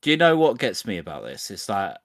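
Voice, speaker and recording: A man co-hosting a podcast in relaxed, reflective casual chat. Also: fairly low pitch, fairly quick, no room sound, clean studio sound. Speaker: podcast co-host.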